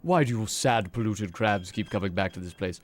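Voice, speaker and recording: A man reading out a scornful male boss's lines in a low, mock-menacing voice. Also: moderate pace, lightly acted. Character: scornful male crab-hating boss, read aloud.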